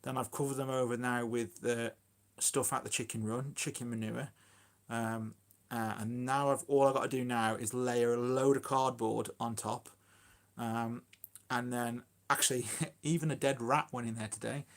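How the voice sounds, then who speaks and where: A man chats loosely on a phone live stream, speaking at a middle pitch. He rambles and pokes fun at himself. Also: fairly even intonation, moderate pace. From Shropshire, England. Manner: rambling, chatty, self-deprecating, full of fillers. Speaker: allotment gardener and live streamer. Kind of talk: casual live-stream chat.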